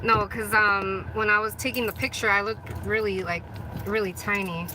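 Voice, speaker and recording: A woman's voice: medium pitch, steady tone, moderate pace, background noise. A woman chatting casually to her viewers as a vlogger and radio host, rambling with apologetic asides, filmed on a phone inside a car. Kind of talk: casual vlog chat.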